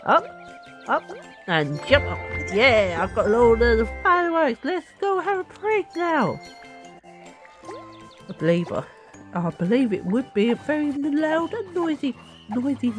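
A woman streaming a video game, chatting to her viewers in an excitable, playful way. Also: fairly high pitch, moderate pace, soft background music. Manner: excitable, talks to viewers, squeals and laughs. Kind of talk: casual let's-play commentary.

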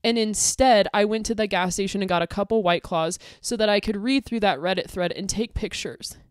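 A woman's voice: mid-range voice, brisk, no room sound, clean studio sound. A young woman ranting angrily to camera, swearing and confronting an online critic. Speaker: content creator.

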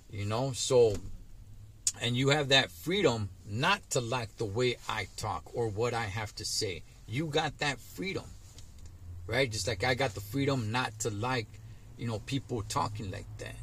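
A middle-aged trucker vlogs to camera about his views in a casual monologue, his laid-back street slang full of "man," "dog" and "homie." His mid-range voice has a fairly bright tone with a breathy edge.

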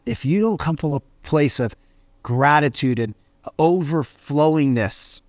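A man's voice: medium pitch, no room sound, studio quality. A man who works as a real estate agent and coach gives a motivational talk, telling a story and acting out the dialogue. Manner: animated, acts out dialogue in changing voices.

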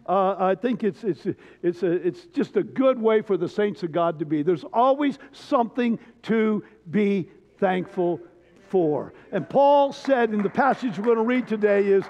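High-voiced older pastor telling folksy stories. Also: male voice, a little mellow. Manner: folksy storytelling, frequent hesitations. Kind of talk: sermon. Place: church sanctuary. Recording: dull church recording with long reverb.

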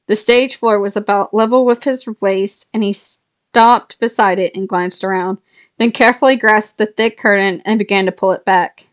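Woman reading a novel aloud, casual and unpolished, with self-corrections, mid pitch. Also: fairly even intonation, normal speed. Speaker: reader of a novel. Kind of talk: casual read-aloud storytelling.

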